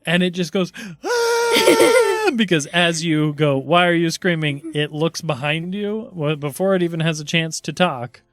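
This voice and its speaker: A man's voice: fairly high pitch, fairly even intonation, normal speed, few pauses, a bit bright, dry recording. A man running a tabletop game as game master, narrating playfully and laughing easily.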